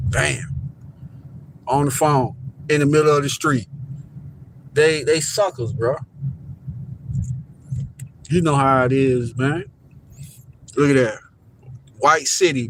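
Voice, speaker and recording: A man's voice: fairly high pitch, fairly bright tone, a little hiss or hum. Rambling man streaming from his car. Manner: rambling, repeats himself, keeps pointing things out to viewers. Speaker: live streamer. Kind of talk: casual live-stream commentary. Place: inside a car driving downtown. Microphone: phone camera.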